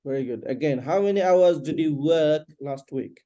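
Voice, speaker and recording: A woman's voice: deep voice, normal speed, warm tone, lo-fi sound. A woman teaching an English lesson, patiently correcting pronunciation and having her student repeat sentences. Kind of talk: one-on-one language lesson.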